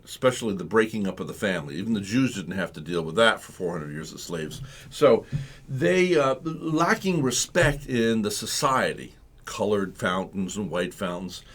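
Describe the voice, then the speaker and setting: Rambling, animated male radio host. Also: on the low side, husky. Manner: rambling, animated storytelling with acted-out quotes. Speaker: radio talk show host. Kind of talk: live morning radio talk.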